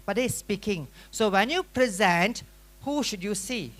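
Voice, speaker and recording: A middle-aged man with a Malaysian English accent, giving a lively workshop lecture that is full of questions and teasing to a room of students. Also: high-pitched, unhurried. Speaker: workshop teacher. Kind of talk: classroom lecture.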